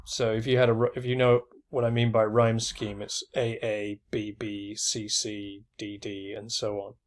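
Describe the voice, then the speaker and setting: A man's voice: on the low side, flat delivery, normal speed. A middle-aged man giving a casual recorded lecture from slides, talking loosely with many fillers and restarts. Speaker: teacher.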